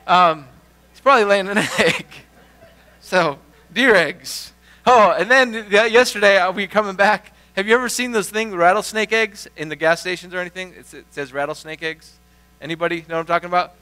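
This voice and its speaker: A man's voice: sits high, moderate pace, pushed and bright. A middle-aged man preaching a sermon as pastor, rambling through folksy asides and then building to emphatic, repeated phrases.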